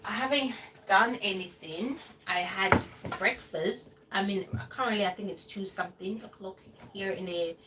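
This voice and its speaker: A woman's voice: medium pitch, moderate pace. Chatty woman streaming from her kitchen. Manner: rambling, chatty, reads out viewer comments. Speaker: live-stream cooking host. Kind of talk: casual live-stream chat. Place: home kitchen in the UK. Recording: distant mic with noticeable background noise.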